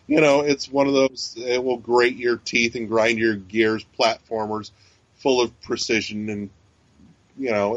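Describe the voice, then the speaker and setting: Rambling and profane, a male podcast co-host keeps restarting and dropping in fillers during casual chat. His mid-range voice has a fairly bright tone. It's a dry recording with a dull, lo-fi quality.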